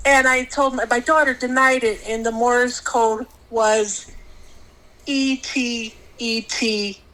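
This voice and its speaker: Halting, fairly high-voiced woman recounting a strange tale. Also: steady tone, fairly bright tone, rough recording. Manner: halting, searches for words with many fillers; laughs between remarks. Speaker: guest. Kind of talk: recounting a paranormal experience.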